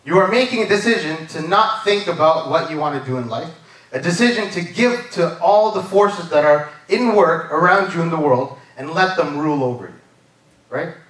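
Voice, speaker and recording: A man's voice: fairly high pitch, animated, normal speed, fairly bright tone. Guy preaching at church, chatty, keeps asking right? amen?, sounds far off in a big echoey room. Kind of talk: sermon. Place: church service.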